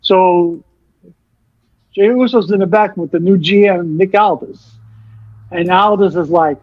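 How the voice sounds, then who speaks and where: A man co-hosting a casual wrestling chat, excitable and swearing as he retells scenes. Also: high-pitched, normal speed, no echo, muffled recording. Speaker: co-host.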